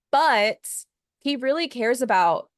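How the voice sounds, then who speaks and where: A woman's voice: high-pitched, no echo, clean studio sound. A woman co-hosting a podcast, animatedly recapping a film in casual chat. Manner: animated storyteller, recapping scenes with laughter. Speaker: podcast co-host.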